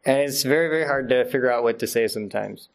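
This imam, a middle-aged man, talks quickly in a creaky, mid-range voice during an informal Friday sermon. He chats easily, laughs often, and pokes fun at himself along the way.

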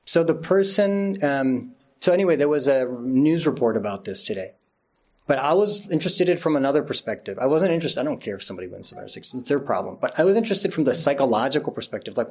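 An animated, fast-talking middle-aged man with a slightly rough, mid-range voice gives an informal Friday sermon as an imam. He is chatty, laughs often, and tosses in self-deprecating asides.

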